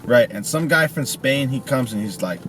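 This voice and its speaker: Casual male storyteller, relaxed and rambling, mid-pitched, faint background noise. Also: normal speed. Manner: laid-back, rambling, many "like" fillers. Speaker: co-star in a comedy sketch.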